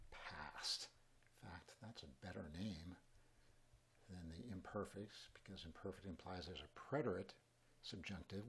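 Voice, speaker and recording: Gravelly low-voiced man teaching. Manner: relaxed, chatty explaining with asides. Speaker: Spanish teacher. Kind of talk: whiteboard grammar lesson.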